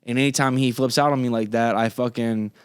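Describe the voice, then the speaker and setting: Casting: a Floridian man as a podcast guest, swearing freely and circling back mid-sentence, smooth voice, dry close mic. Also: medium pitch, steady tone, brisk, no room sound. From Florida, USA. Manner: profane, rambling, frequent restarts. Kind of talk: casual interview chat.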